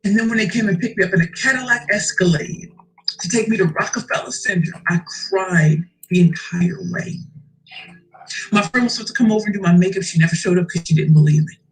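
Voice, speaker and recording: A woman's voice: mid-range voice, a little fast, poor audio. A woman telling her success story as a motivational speaker, emphatic and preacherly, repeating key phrases and calling the audience y'all. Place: live event stage.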